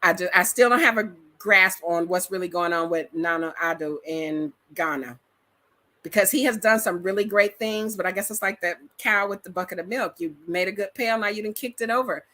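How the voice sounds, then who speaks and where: A bright, forward voice from a middle-aged Detroit woman with an African American accent. She vlogs in a loose, emphatic, storytelling way, slangy and full of personality. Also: mid-range voice, moderate pace. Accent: African American Vernacular English, Detroit. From metropolitan Detroit, USA. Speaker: vlogger. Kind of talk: casual reaction chat to camera.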